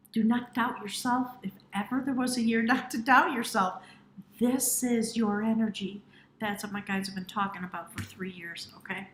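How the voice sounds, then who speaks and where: A woman giving an intuitive tarot reading to camera, speaking earnestly and directly to the viewer, sometimes dropping into hushed, drawn-out phrases. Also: medium pitch, reverberant, slight background noise, low-quality recording. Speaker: tarot reader.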